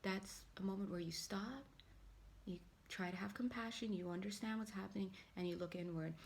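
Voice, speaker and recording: A woman's voice: medium pitch, moderate pace, creaky, a little hiss or hum. Woman tarot reader, casual and rambling, playful asides, middle-range voice. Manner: rambling and chatty, with playful asides and acted-out quotes. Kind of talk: casual spiritual tarot reading.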